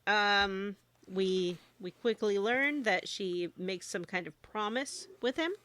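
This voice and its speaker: A woman with a mid-pitched voice, recapping game scenes playfully and pausing on fillers as she goes. She sounds dry and close to the mic. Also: fairly bright tone, dry recording. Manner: playful storyteller, hesitant fillers. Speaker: podcast co-host. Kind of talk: casual recap of a video game.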